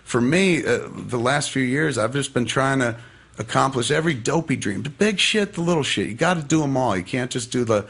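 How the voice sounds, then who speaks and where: A man's voice: mid-range voice, animated, brisk, creaky, a bit bright, husky. A man casually telling a personal story as a podcast guest, profane and rambling but heartfelt.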